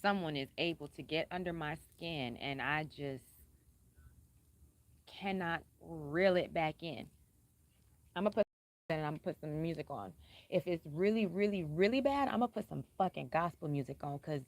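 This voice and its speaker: A blunt woman talks straight to her audience, cussing freely and hammering her points home with repetition. Her voice sits a little low for a woman, and she keeps it calm and level even when she is being pointed. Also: normal speed, no echo. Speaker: vlogger. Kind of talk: casual personal talk to camera.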